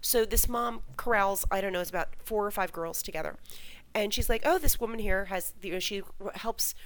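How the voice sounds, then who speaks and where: A woman with a medium-pitched voice talks a little fast on a low-quality recording. She hosts a fan website and tells a story in relaxed podcast conversation, animatedly performing the voices of the people she quotes.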